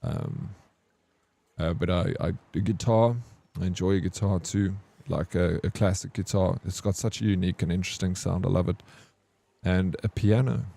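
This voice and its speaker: A man with a relaxed South African accent chats loosely on a live game stream. His voice sits low and warm. He rambles and restarts his sentences often. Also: normal speed, creaky. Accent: English South African. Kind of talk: casual gaming stream chat.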